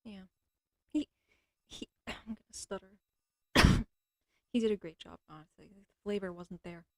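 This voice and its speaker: A woman with a slightly mixed American accent chatting casually on a livestream, rambling and playful, often trailing off into quiet mutters. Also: medium pitch, a little slow, dry recording, studio quality. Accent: American mixed with another accent. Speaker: live streamer.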